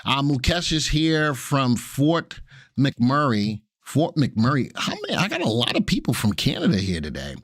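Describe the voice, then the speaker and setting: A man's voice: medium pitch, huge pitch swings, normal speed, no echo, clean studio sound. A middle-aged man from Brooklyn, hosting a live market stream in a casual, chatty way, greeting viewers by name and tossing in jokes. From Brooklyn, New York. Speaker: livestream host and market instructor.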